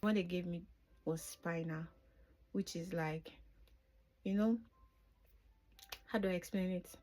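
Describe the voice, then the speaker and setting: A middle-aged female vlogger tells her own birth story in unscripted personal storytelling, emotional and dropping to a whisper at tender moments. Her voice is lowish, a little mellow, steady in tone, and unhurried.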